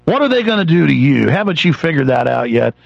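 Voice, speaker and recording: An irate radio host tears into his listeners, his voice gravelly and pitched a little high. He sneers and mocks as he rants. The sound is dry and dull, like an old radio broadcast. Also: sing-song, fast, no room sound. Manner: angry, sarcastic, mocking voices of others. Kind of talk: ranting political talk radio monologue.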